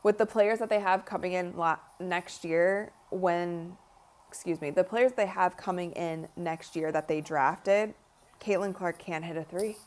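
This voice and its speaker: A woman's voice: lowish voice, a little slow. Chatty young woman, tired and yawning. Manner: chatty, frequent "like" and "honestly". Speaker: livestream host. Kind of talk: casual live watch-party commentary.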